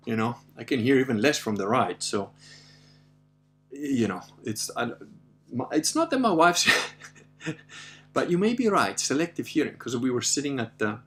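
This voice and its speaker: A middle-aged man chats through a casual livestream in a middle-pitched voice, wandering from one story to the next. He laughs often as he talks, and soft music plays faintly behind him. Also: expressive, normal speed, pauses often. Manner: rambling storyteller with frequent laughs. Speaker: host.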